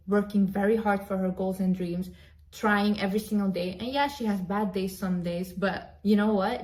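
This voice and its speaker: A woman vlogger giving an emphatic, repetitive motivational pep talk straight to her viewers. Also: mid-range voice. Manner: emphatic, repetitive, direct address.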